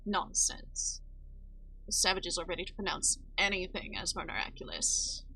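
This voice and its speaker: A woman's voice: on the low side, animated, unhurried, gravelly, bright, forceful tone, slightly rough, full character voice, poor audio. A woman voicing a haughty, contemptuous young female botanist with a pompous, shifting put-on accent, reading game dialogue aloud. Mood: scornful.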